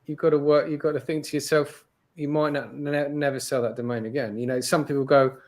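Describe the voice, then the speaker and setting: A man's voice: on the high side, flat delivery, a little fast. A British man, a guest on an interview show, talking in a casual, chatty way with many "you know" and "like" fillers. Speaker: interview guest, domain investor.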